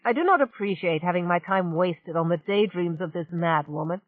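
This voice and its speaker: A woman's voice: on the low side, animated, normal speed, dry recording, narrow, tinny audio, lightly acted. A woman doing a curt, cold male warlord. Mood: commanding. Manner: curt, impatient commands.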